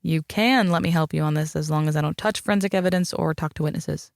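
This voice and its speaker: Man reading laid-back male sheriff, amused, gravelly, dry close mic, audiobook. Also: fairly high pitch, quick pace, dry recording. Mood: easygoing. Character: easygoing male sheriff, relaxed and rule-minded.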